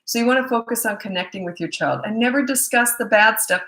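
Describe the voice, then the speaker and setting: Lively woman coach in an echoey room. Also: a little high, fast. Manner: lively, acts out quoted parents and kids in changed voices. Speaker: parenting coach. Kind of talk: casual live Q&A talk.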